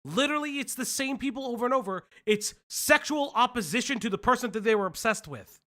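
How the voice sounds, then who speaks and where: A man co-hosting a reaction stream, talking in a loose, animated way, often laughing and swearing. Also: very high voice, brisk. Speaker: stream co-host reacting to a video. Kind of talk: casual reaction stream chat.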